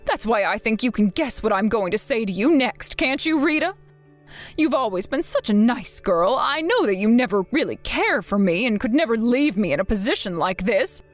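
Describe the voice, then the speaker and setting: A woman voicing a whiny, manipulative older mother who pleads and guilt-trips in an animated story. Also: on the high side, normal speed, soft background music, lightly acted. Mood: pleading.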